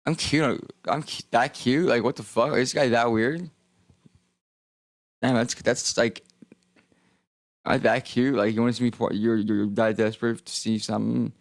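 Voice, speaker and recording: A man telling a swearing, animated story on a stream, acting out the people in it. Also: moderate pace, creaky, pauses often, dry recording, studio quality. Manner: swearing, animated, acts out dialogue with rising pitch. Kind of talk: casual storytelling rant.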